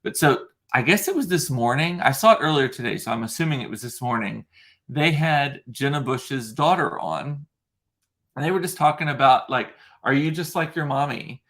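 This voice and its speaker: A man's voice: medium pitch, expressive, normal speed, fairly bright tone. A young man vlogging casually, rambling through a funny story with lots of ums and laughing asides. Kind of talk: casual chat to camera.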